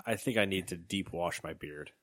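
A man's voice: sits low, moderate pace, fairly bright tone, no room sound, studio quality. A young man co-hosting a casual gaming podcast, joking and rambling with sarcastic asides, hiccuping now and then. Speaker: podcast co-host. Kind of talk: casual chat.

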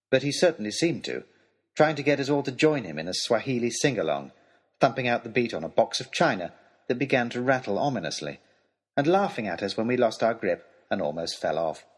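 A man's voice: fairly low pitch, breathy edge. A man reading a storybook letter aloud in a wry, dry and polite manner. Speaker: audiobook reader.

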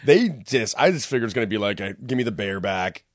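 Low-voiced man telling a rambling story. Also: quick pace, no room sound, studio quality. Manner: rambling, profane, acts out quotes. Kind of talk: casual chat, telling a story.

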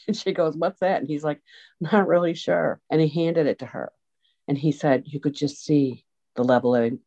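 A woman telling stories in an interview, lively, acting out the voices of the people she quotes. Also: low-pitched. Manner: animated storyteller, acts out quoted voices. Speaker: guest, autism program organizer. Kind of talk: storytelling interview answers. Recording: dull lo-fi sound.

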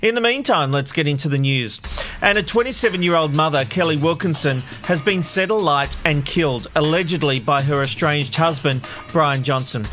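A man's voice: on the high side, fairly bright tone. A man co-hosting a true crime podcast, joking with his co-host and presenting news items.

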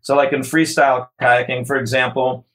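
A man's voice: medium pitch, level tone, normal speed, a bit bright, low-quality recording. Rambling, laughing male kayaker guest. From United States. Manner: rambling, laughs often, many restarts. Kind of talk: casual interview talk.

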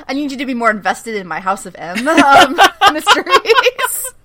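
A woman's voice: high voice, wildly swooping pitch, a little slow, heavy background noise. A woman casually recapping a TV episode, acting out the characters' lines and laughing often. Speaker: podcast co-host recapping a TV show. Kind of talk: casual chat.

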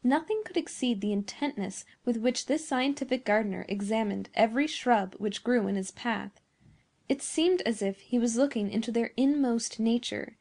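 Woman reading a classic tale, higher voice. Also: a little mellow. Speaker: narrator. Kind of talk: scripted narration of a classic story.

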